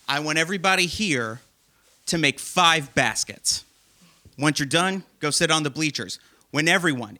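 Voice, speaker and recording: A man playing a gym coach giving brisk, commanding orders to a class on stage. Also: fairly high pitch, bright, forceful tone. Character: gruff adult male gym coach. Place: live theater stage.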